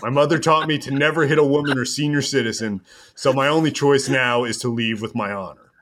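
A man's voice: mid-range voice, brisk, fairly bright tone, a little hiss or hum, lightly acted. A man voicing a wounded, proud young man who speaks in formal, stiff sentences. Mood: solemn.

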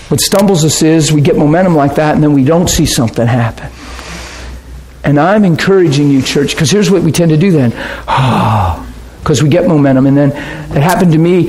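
A man preaching a sermon and telling stories, swinging from loud excitement to hushed, quiet asides. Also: a little high. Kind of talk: sermon storytelling.

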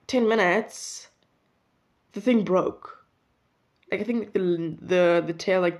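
Chatty young woman telling a story. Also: mid-range voice. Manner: chatty, rambling, self-correcting, laughs at herself. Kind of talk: casual storytelling.

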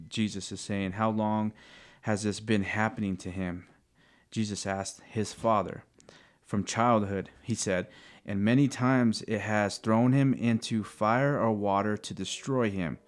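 Earnest, halting man, low voice. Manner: halting, searching for words, earnest. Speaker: co-host sharing scripture. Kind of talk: casual faith talk.

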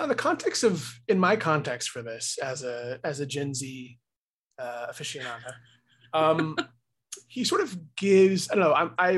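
A man's voice: a little high, a bit bright, rough recording. Man, podcast co-host, casual chat, rambling, joking.

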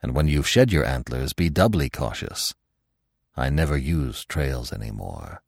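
A man reading the part of a wise old male stag, speaking in a gentle but stern commanding murmur. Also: extremely low pitch, sing-song, unhurried, creaky, husky, no room sound, clean studio sound, voice pushed down, full character voice. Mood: grave warning.

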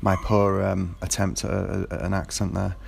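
Casting note: man, fairly low voice, casual rambling monologue, lots of ums and restarts. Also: level tone, moderate pace, gravelly. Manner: rambling, with frequent fillers and restarts. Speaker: football fan.

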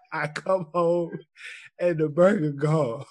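A man's voice: a little high, drawn-out words. Laughing man telling a story. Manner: laughing storyteller, mock-grieving. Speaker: podcast co-host. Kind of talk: casual chat.

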